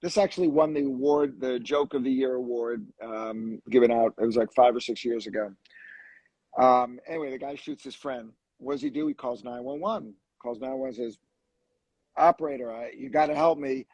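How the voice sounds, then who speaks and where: Husky-voiced man in casual chat. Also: mid-range voice, steady tone, a little mellow, no room sound, poor audio. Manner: chatty, halting restarts, laughs at own jokes. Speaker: hair restoration surgeon, co-host. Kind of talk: casual live-stream chat, telling jokes. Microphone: video call.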